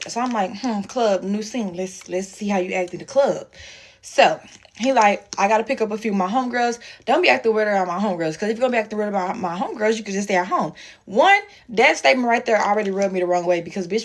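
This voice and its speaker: A woman, telling a profane, slang-filled story in a casual story-time chat and acting out everyone's lines. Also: medium pitch. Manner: animated, profane, slangy storytelling with quoted voices.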